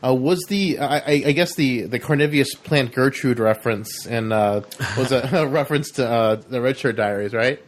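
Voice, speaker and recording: A man's voice: medium pitch, normal speed, hardly any pauses. A man hosting a podcast, asking guests questions and reacting with enthusiasm. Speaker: podcast host. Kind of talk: casual podcast interview.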